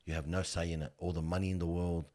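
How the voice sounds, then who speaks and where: Low-pitched and darkish, with little pitch movement, this man talks fast. The middle-aged guest works in funerals and shares heartfelt stories conversationally, emphatic and earnest, slangy, calling his listener "bro."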